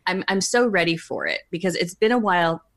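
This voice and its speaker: A woman with a low, full voice chats eagerly as a podcast co-host. She talks in a loose, excited way and laughs often. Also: a little fast. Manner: chatty, enthusiastic, laughs often. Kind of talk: casual chat.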